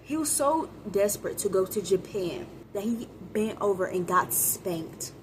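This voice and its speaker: A woman giving a casual, animated movie review, chatting with viewers and acting out characters' lines in quick voices. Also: mid-range voice, noisy background. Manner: chatty, addresses viewers as y'all.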